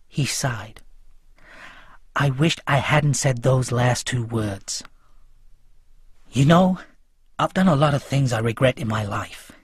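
Male audiobook narrator, mid-pitched, breathy texture, restrained delivery. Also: no room sound, studio quality. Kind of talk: first-person audiobook reading.

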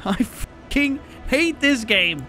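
Young male streamer, very high voice, panicky and profane, slow-paced delivery, clear music bed behind. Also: very animated. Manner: panicky, yelling and swearing at chat. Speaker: gaming streamer. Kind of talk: live gameplay commentary.

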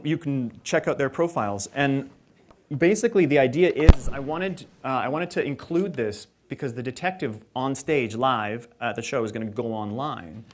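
Animated young actor, casual interview storyteller who acts out quotes. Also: male voice, mid-range voice. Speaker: actor and playwright.

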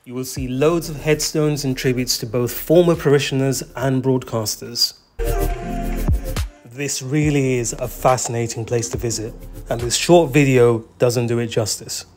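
Man, travel vlog host, scripted voice-over, playful, mid pitch, faint music behind. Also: steady tone, moderate pace. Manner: playful, leans on comic details. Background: faint background music.

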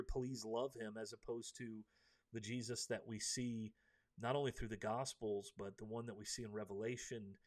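Earnest man preaching through a book. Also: medium pitch. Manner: earnest and preachy, many ums and restarts. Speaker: host of a live book discussion. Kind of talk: live faith-based book discussion.

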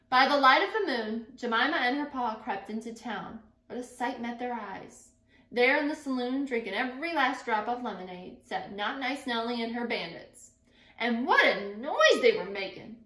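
A woman's voice: a little high, a bit bright. A woman teacher expressively reading a picture book aloud and interjecting to her class. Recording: echoey room.

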